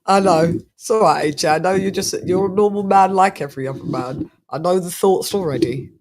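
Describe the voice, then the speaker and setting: A woman from the United Kingdom hosts a boxing livestream, chatting playfully with guests and giving shout-outs to her chat. She laughs often. Her voice is fairly low in pitch and fairly quick.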